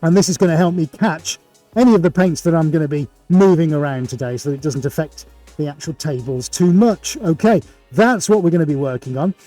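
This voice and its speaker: Speaking a little fast in a fairly high, mellow voice, a middle-aged man hosts a live painting stream over soft background music. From his home art studio with multiple cameras, he presents in an upbeat, chatty, jokey showman manner.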